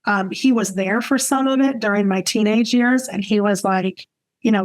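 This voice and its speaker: A woman's voice: mid-range voice, moderate pace. A middle-aged woman sharing her recovery story in a personal testimony talk, earnest and reflective, often repeating phrases for emphasis.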